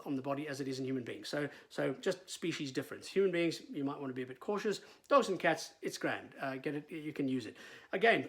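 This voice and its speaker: A middle-aged man, a veterinarian explaining in casual talk, with frequent fillers and repeated words. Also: fairly high pitch.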